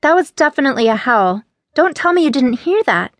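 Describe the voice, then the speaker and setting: A woman reading an audiobook voices a frightened, short-tempered teenage girl, raising her voice higher and tighter than her narration. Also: big pitch swings, a little fast, no room sound. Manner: tense, pleading, higher and louder than the narration. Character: scared teenage girl, anxious and curt. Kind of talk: audiobook character voice.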